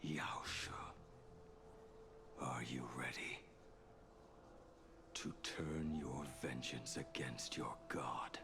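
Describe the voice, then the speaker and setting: Grim vengeful immortal swordsman, very deep, very slow, breathy whisper, video game voice, game music behind. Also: fairly even intonation, heavily acted. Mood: grim, menacing. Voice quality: hushed, breathy whisper on many words. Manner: slow, solemn, menacing.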